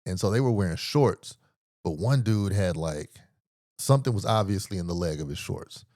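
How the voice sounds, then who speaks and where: A man's voice: low voice, animated, moderate pace, a little mellow, dry recording, clean studio sound. A man hosting a podcast, telling a rambling story in a laid-back, profane and slangy way, acting out the lines of the people in it. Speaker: podcast host. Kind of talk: casual comedic storytelling.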